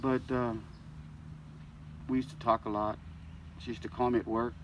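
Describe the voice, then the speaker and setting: A man's voice: medium pitch, level tone, moderate pace, background noise. Older man telling a joking eulogy. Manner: folksy and joking, acts out dialogue. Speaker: eulogy speaker, friend of the deceased. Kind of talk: storytelling eulogy. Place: church service.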